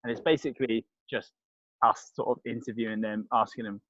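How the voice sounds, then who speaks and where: A man's voice: lowish voice, fairly even intonation, brisk, a bit bright, no room sound. Chatty London man on a dull, dry line. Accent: London English. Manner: rambling, many restarts and fillers. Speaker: podcast guest, crisp reviewer. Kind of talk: casual chat.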